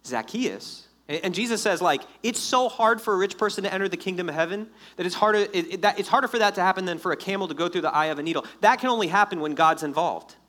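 A man preaching a sermon in a lively, conversational way, acting out the quotes. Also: high voice, fast talker, hardly any pauses. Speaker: pastor.

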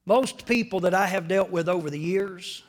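A man preaching a sermon to a church congregation, swinging between hushed whispers and loud, dramatic shouting. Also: high-pitched, moderate pace. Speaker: pastor.

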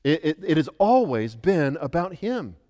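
A middle-aged man from the United States, a pastor preaching an emphatic sermon that moves between quiet and loud. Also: a little high, sing-song, moderate pace. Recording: long reverb of a large hall.

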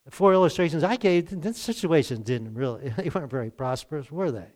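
A male pastor delivers a sermon in an easygoing, conversational way. His voice sits a little high for a man. He chuckles often and slips into the voices of the people he quotes. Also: lively intonation, quick pace, darkish tone.

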